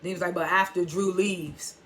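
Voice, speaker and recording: Bright-voiced casual TV recap host. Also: mid-range voice, fairly even intonation, fairly quick. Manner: storytelling, quotes characters with "he was like"; chuckles and reacts while retelling. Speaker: TV episode reviewer.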